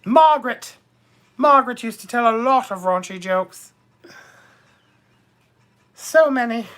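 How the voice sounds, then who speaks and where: A man's voice: extremely high pitch, expressive, slow, a bit bright, heavily acted. A man playing a bawdy, gossipy older duchess on a comedic live stream, theatrically calling viewers darling and my dears.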